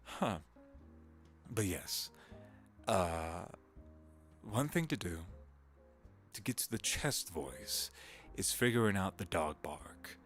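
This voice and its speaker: Guy voice actor rambling on his stream, gravelly fry, low-ish voice that swings all over, bit of music behind. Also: animated, slow, long pauses, a bit bright. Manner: chatty, giggly, drifts into voice demos. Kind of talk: casual livestream chat.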